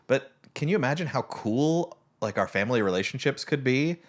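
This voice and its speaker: A man's voice: medium pitch, lively intonation, fairly quick, hardly any pauses. A man co-hosting a podcast, explaining ideas thoughtfully in casual chat and using everyday examples. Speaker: podcast co-host.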